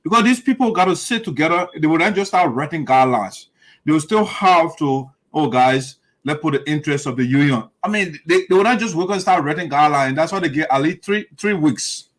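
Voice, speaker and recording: A man's voice: on the high side, animated, a little fast, poor audio. A man hosting heated political commentary, emphatic and repetitive, often mimicking his opponents' lines. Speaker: show host.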